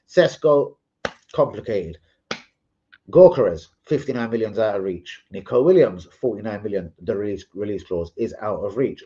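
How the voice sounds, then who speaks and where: A man rants on a casual live stream, swearing freely and mocking his rivals in an animated way. His voice sits fairly low in pitch, and the stream audio comes through dull and lo-fi. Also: moderate pace. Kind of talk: casual livestream rant.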